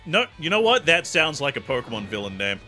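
A man's voice: on the high side, big pitch swings, fairly quick, pushed and bright, soft background music. A man chatting casually and joking over a game stream, laughing often. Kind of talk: casual gameplay chat.

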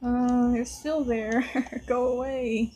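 Woman let's-play host, nervous chatter at the game characters, higher-pitched voice, faint hiss on the track. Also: flat delivery, takes it slowly, dark tone, low-quality recording. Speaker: gameplay video host. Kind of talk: casual let's-play commentary.

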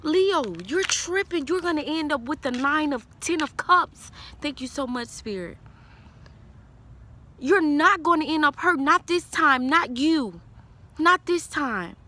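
A woman's voice: sits high, animated, a little slow, sharp tone. A woman giving a tarot reading in a casual vlog, talking bluntly with lots of swearing, scolding and then reassuring. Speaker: tarot reader.

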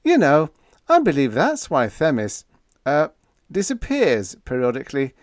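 A man's voice: fairly high pitch, wildly swooping pitch, a little slow, dry recording, clean studio sound, voice pushed up. A man doing a mild, drawling young genius. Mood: nonchalant. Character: bland, gentle young male genius pilot.

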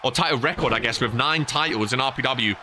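A young man giving excited play-by-play commentary on a wrestling video game, rising to shouts at near falls. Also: mid-range voice, fast talker, a little hiss or hum.

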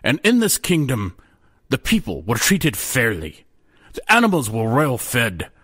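A man's voice: mid-range voice, huge pitch swings, unhurried, fairly bright tone, slightly rough, no room sound, clean studio sound, heavily acted. Man voicing a wistful old ex-apprentice. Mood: solemn, wistful. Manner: old-fashioned storytelling speech, calls listener lad.

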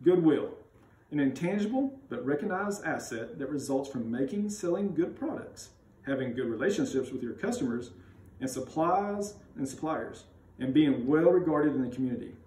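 A man's voice: fairly high pitch, animated, moderate pace, warm tone, slight background noise, natural voice. A man reading a storybook aloud and voicing a bossy, competitive girl of about ten who argues indignantly. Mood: lecturing. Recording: roomy sound, mic at a distance.

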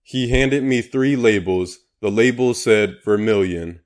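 Slow, low-voiced male audiobook narrator. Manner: dry, unhurried, matter-of-fact. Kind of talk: scripted narration.

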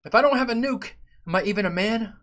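A man streaming a game and chatting loosely with his viewers, profane and given to sudden loud outbursts. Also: high-pitched, quick pace. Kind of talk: casual live-stream chat.

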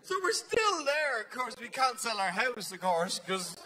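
A man with an Irish accent doing loud, animated stand-up storytelling on stage, swearing freely. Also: extremely high pitch, a little slow, a little hiss or hum. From Ireland. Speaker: stand-up comedian. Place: live comedy venue on stage.

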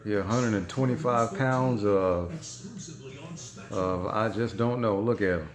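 A man's voice: fairly low pitch, takes it slowly, crowd noise. A man making a casual home vlog in his living room, teasing his dog with playful trash talk and slang, filmed on a phone camera. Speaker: vlogger.

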